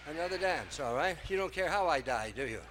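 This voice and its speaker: A man's voice: mid-range voice, lively intonation, fairly quick, noisy background. An older man doing breathless, self-mocking stage patter between dance numbers in front of a live audience. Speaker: song-and-dance entertainer.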